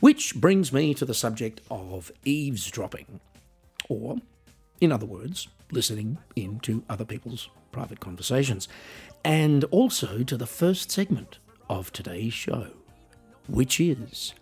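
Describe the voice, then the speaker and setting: A man's voice: mid-range voice, big pitch swings, measured pace, a little mellow, husky, faint music behind. An Australian man hosting his own podcast, delivering a wry, self-deprecating scripted monologue. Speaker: podcast host and musician.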